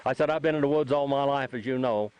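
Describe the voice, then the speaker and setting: A man's voice: mid-range voice, quick pace, darkish tone, lo-fi sound. An older man hosting a casual outdoor chat, telling a rambling story and repeating himself as he acts out what people said. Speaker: host and sighting witness. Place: outdoors near a trailhead.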